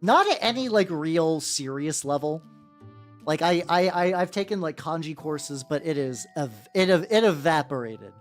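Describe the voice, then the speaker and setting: Lively low-voiced woman streamer chatting. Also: moderate pace. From America. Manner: rambling, profane, chatty with viewers. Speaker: miniature-painting VTuber streamer. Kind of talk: casual livestream chat. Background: faint background music.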